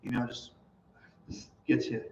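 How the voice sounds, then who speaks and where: A man, a pastor, chatting casually and rambling with lots of likes and you knows. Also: unhurried. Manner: rambling, many fillers and restarts. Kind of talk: casual chat. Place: church hall. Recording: echoey hall, far from mic, dull.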